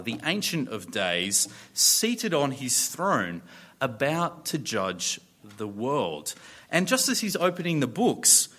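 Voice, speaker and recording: A man preaches a sermon in an earnest, emphatic manner, explaining scripture with fillers. He pauses and drops his voice low on key phrases, and his tone is a bit bright.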